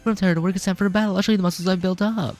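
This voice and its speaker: A man's voice: high-pitched, fairly even intonation, very fast, darkish tone, soft background music, voice pushed up. A man voicing a tough male worker who boasts about his muscles, upbeat and eager. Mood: boastful.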